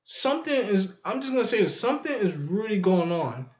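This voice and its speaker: A man's voice: high voice, very animated, brisk. Man vlogger, rambling musing delivery, echoey room. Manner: rambling, musing, repeats himself. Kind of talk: casual chat to camera. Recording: echoey room, dull lo-fi sound.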